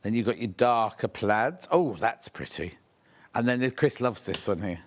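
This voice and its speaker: A man's voice: lowish voice, lively intonation, a little slow. Gushing male shopping-channel host. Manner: chatty, gushing, thinks aloud while unpacking. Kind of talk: live sales presentation.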